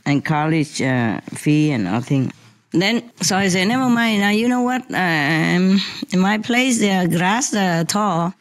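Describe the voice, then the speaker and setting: A spiritual teacher telling a casual anecdote on a live stream, in chatty, non-native English with many repeated words and frequent laughter. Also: medium pitch. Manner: laughs often while telling. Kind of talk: casual anecdote told to listeners. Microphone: live stream microphone.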